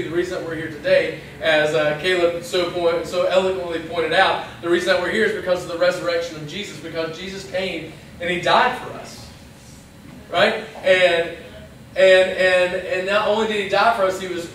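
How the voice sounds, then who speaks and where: Man preacher, high voice, chatty youth sermon that slips into quoted asides, boomy hall sound from a distant mic. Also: a bit bright, slight background noise. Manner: conversational, acts out little quoted lines. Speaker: pastor. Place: church hall.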